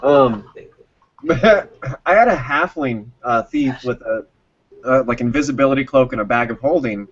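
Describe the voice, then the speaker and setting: A man's voice: medium pitch, measured pace. Playful man telling laughing anecdotes. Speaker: podcast co-host. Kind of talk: casual chat. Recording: dull lo-fi audio.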